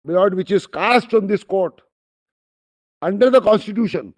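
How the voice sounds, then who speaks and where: A man's voice: high-pitched, moderate pace. A man with an Indian accent argues formally before judges, deferential and emphatic, constantly addressing the bench. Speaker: lawyer arguing before a bench. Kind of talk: formal courtroom argument. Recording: dull lo-fi courtroom recording.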